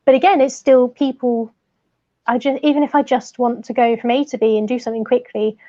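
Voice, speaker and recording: A woman's voice: fairly high pitch, level tone, a little fast, dark tone, highs cut off. A woman in casual chat about life with her service dog, light-hearted and often laughing as she retells exasperating encounters. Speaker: co-host, service dog user.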